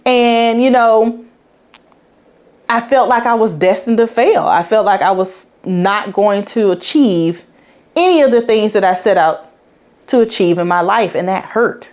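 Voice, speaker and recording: A woman's voice: mid-range voice, a little slow, darkish tone. A woman hosting a podcast, telling a personal story in a frank, chatty way and speaking straight to her listeners. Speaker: podcast host.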